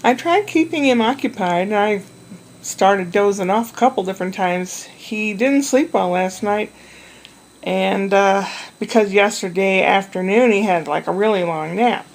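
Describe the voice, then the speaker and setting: The audio is poor on this casual, rambling chat from a woman vlogger describing her day taking care of a toddler. She speaks unhurriedly at a medium pitch.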